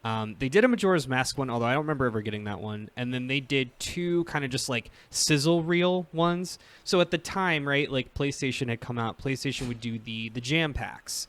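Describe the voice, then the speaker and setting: A man's voice: medium pitch, a little fast, few pauses, a bit bright. A man in his thirties hosting a podcast, chatting casually and rambling with lots of fillers and frequent laughs. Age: 30s. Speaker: podcast host. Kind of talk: casual chat.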